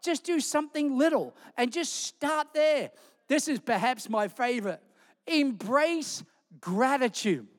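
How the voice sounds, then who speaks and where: A man preaching a sermon as a guest pastor, telling stories with humor and lively delivery. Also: extremely high pitch, measured pace, in a large hall. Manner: animated storytelling with humor. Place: large church hall.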